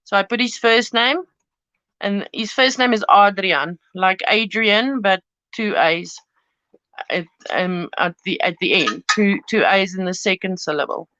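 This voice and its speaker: Rambling and giggly, a woman runs a chatty live-stream craft tutorial from her home studio, talking as she cuts paper. Her mid-range voice is pushed and bright and a little slow. She's a craft channel host, and the recording is dry, dull and lo-fi.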